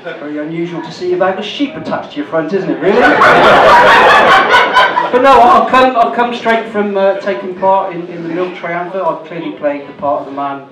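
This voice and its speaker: A man's voice: sits high, brisk, dull audio. A middle-aged man doing a stand-up comedy set, teasing the crowd and swearing a lot. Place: small club gig with a laughing crowd. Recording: roomy hall taken from far off, loud noise.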